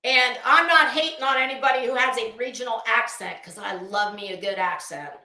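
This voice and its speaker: On YouTube, a middle-aged woman vents in casual, profane commentary laced with sharp sarcasm. Her bright voice sits a little high and moves a little fast. The room's echo is noticeable on every line.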